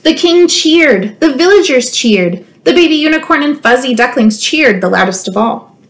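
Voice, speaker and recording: A woman's voice: high voice, normal speed. Playful woman librarian reading aloud. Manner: expressive, playful asides. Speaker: school librarian. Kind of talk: storybook read-aloud for children.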